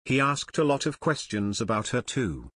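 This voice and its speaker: A man's voice: mid-range voice, sing-song, moderate pace, fairly bright tone, dry recording. A man voicing a chubby, self-important teenage boy who complains, in a read-aloud story. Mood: whiny.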